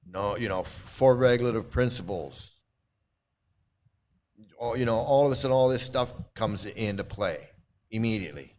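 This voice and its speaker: A man's voice: fairly low pitch, expressive, normal speed, pauses often, darkish tone. A middle-aged man hosting a casual commentary, rambling and repeating himself, blunt and swearing. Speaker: channel host and cult critic. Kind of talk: casual commentary on a screen post.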